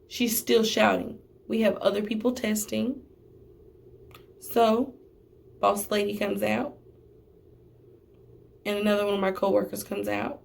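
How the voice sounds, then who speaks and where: A young woman who works at a testing center, telling a storytime vlog in an animated, sassy way with slangy asides. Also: mid-range voice, unhurried, gravelly, long pauses.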